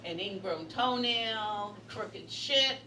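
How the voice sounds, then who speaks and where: A woman's voice: mid-range voice, slow. A woman, doing a brash, bawdy stand-up comedy set in a bar. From Brooklyn, New York. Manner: brash, bawdy storytelling with punchlines. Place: bistro bar comedy night. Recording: echoey, distant, noisy bar room.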